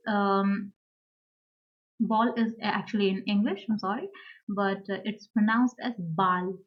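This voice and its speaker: Female teacher for a beginner lesson, very slow and deliberate, repeats every word, a bit lo-fi. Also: mid-range voice. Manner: slow and careful, repeats each word, fillers and small self-corrections. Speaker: language teacher.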